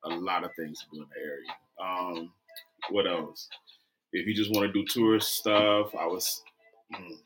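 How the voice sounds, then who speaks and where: Very deep voiced guy, bright edge, lots of ums, slight noisy background. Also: fairly even intonation, a little slow, slightly rough, faint music behind. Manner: laid-back, hesitant with many ums. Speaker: co-host. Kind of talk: casual chat.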